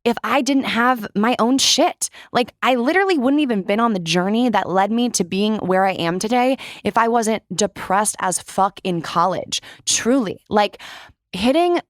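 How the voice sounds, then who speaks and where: A woman's voice: a little high, moderate pace, no room sound, studio quality. A young woman hosting her podcast, talking in a candid, chatty way with lots of "like" and some casual swearing. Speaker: podcast host. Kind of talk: casual solo monologue.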